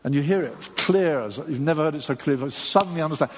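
Husky high-voiced man preaching in a hall. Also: fast talker. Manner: animated, acts out quoted voices. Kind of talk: sermon.

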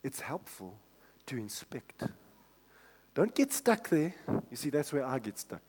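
A male pastor preaching a sermon, swinging from hushed tones to shouts. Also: medium pitch, sing-song, unhurried, breathy edge, big-room sound.

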